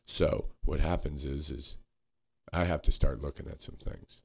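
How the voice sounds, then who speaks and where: A man co-hosting a podcast, talking earnestly and haltingly, searching for words and swearing now and then. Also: a bass voice, steady tone, gravelly, a little mellow, husky. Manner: frequent swearing. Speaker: podcast co-host. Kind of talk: candid reflective conversation.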